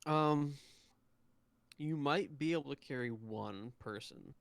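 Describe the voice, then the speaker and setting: Male game master, resonant and clear, halting narration full of pauses. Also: medium pitch. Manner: hesitant, many ums and restarts.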